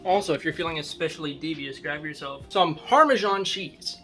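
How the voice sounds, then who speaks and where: A man's voice: on the high side, fairly quick, bright, forceful tone, soft background music. A young man casually talking through a home cooking video, rambling and joking with plenty of swearing. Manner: rambling, jokey, swears a lot.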